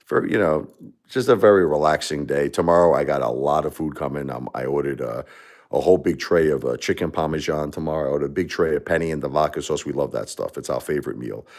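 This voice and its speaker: Deep-voiced man rambling on a livestream. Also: fast talker, a little mellow. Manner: rambling, heartfelt, conversational. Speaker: livestream host. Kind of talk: casual livestream talk.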